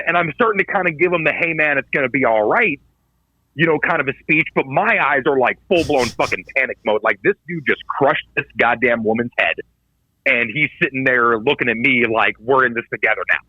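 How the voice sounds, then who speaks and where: A man's voice: medium pitch, brisk, dry recording. A man in his thirties, a podcast co-host telling a story in casual chat, swearing often and acting out what others said. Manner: animated storyteller, swears a lot, acts out quoted voices. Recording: dull lo-fi podcast audio, dry.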